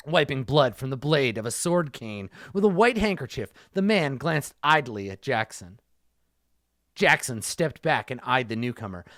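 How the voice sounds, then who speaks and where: A man's voice: fairly high pitch, fairly bright tone, dry recording, clean studio sound. A man doing a comedic dramatic reading of a game book, now and then breaking off with playful comments.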